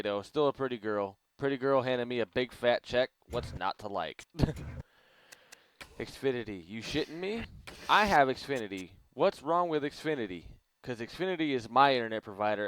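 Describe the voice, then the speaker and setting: A man's voice: medium pitch, smooth, no echo. A man hosting a gaming channel, giving casual, rambling gameplay commentary and laughing a lot.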